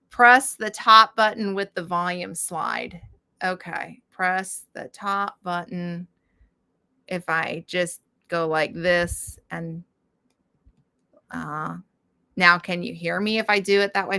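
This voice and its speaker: A middle-aged woman chatting slowly and casually on a livestream. Her voice is bright and sharp, and she rambles, restarts and laughs often. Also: fairly low pitch, fairly even intonation, vocal fry, clear, resonant tone. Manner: rambling with many fillers and restarts. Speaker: livestream host.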